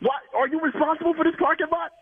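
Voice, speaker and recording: A man on a phone call, indignant and firing off rapid questions with bleeped cursing. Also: very high voice, steady tone, no echo. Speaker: prank call target. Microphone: telephone. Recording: tinny phone line, faint hiss.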